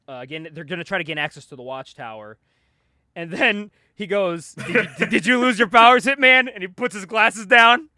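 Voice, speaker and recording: Animated high-voiced man recapping comics. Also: no echo, studio quality. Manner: animated retelling, acting out characters' lines with frequent laughter. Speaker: podcast host. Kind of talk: casual comic book recap.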